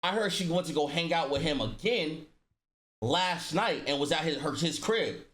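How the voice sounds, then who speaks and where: A man's voice: on the high side, expressive, moderate pace, a bit bright. A man telling a personal story in casual storytime style, slangy and profane, acting out the dialogue with voice shifts. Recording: roomy echo.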